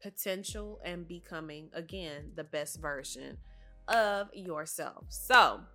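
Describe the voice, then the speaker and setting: Lady doing a pep-talk podcast, kinda nasal from a cold, earnest and direct, pretty bright voice. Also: sits low, slow pace, soft background music. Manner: earnest, encouraging, direct to listeners. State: congested and nasal with a cough. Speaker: podcast host. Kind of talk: motivational solo talk.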